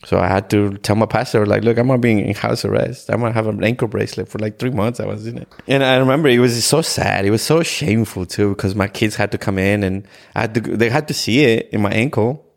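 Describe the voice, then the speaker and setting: A middle-aged man from Ecuador, a podcast guest telling his personal story in a halting way, repeating words and acting out remembered exchanges. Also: on the low side, gravelly. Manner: halting, repeats words, retells scenes in quoted dialogue. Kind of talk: personal testimony in a conversation.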